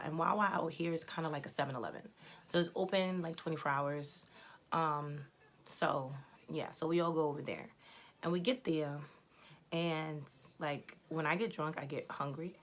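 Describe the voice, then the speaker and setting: A woman's voice: low-pitched, fairly bright tone, a little hiss or hum. A woman in her twenties telling a personal story in a casual, blunt, chatty way, swearing freely. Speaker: storytelling vlogger.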